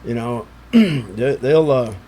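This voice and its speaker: A man's voice: mid-range voice, animated, slow, mellow, slight background noise. A man in his sixties from Chicago, telling rambling stories as a podcast guest, with lots of "you know" fillers. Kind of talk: casual storytelling chat.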